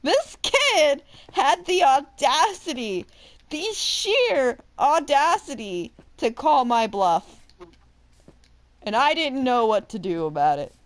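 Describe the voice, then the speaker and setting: Woman, substitute teacher, unhurried and animated storyteller with lots of melodic rise and fall. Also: high voice, dry recording. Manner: animated, laughs through her story, dramatic emphasis. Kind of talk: casual storytelling.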